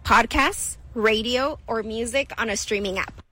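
A woman's voice: on the high side, measured pace, pushed and bright. A woman co-hosting a radio show, reading quiz questions in a giggly way. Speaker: radio co-host asking questions. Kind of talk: casual chat.

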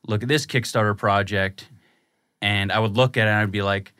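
A man's voice: on the low side, fairly even intonation, a little fast, bright, forceful tone, clean tone, no echo. A young man as a podcast guest, talking in a dry, laid-back, sarcastic way. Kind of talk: casual podcast chat.

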